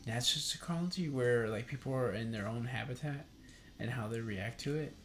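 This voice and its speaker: A man's voice: medium pitch, a little fast, slight background noise. A young man hosting a podcast, talking casually in a rambling way, with lots of fillers and swearing, and acting out quoted talk in a livelier voice. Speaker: podcast host. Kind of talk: casual chat.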